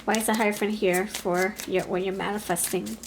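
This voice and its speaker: A woman giving a pick-a-card tarot reading in an expressive, chatty way, talking aloud to Spirit as she goes. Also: medium pitch, brisk, background noise. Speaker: tarot reader.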